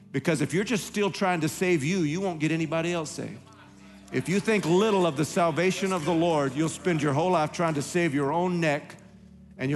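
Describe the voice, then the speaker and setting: Emphatic preacher in a hall. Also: male voice, fairly high pitch. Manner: emphatic preaching with voiced quotes. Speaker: pastor. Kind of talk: sermon. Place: church hall.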